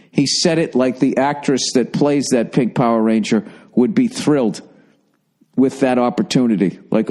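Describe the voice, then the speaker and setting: A man's voice: medium pitch, steady tone, normal speed, mellow. Male podcast host, 40s, casual comedic monologue, profane and rambling.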